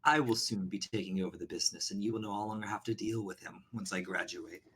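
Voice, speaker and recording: A man's voice: on the low side, quick pace, a bit bright, breathy edge. A man playing a young male student and heir, courteous and assured in tone.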